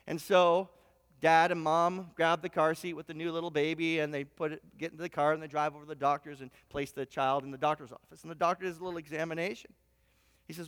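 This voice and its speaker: A man's voice: high-pitched, steady tone, brisk, fairly bright tone, clear, resonant tone. A man preaching a sermon, telling a long illustrative story with frequent stammered restarts. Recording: reverberant hall sound.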